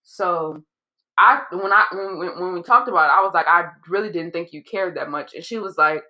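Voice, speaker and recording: A woman's voice: lowish voice, sing-song, fairly quick, sharp tone, low-quality recording. A young woman who is a guest on a podcast, talking in casual chat in a candid and hesitant way, trailing off and repeating herself.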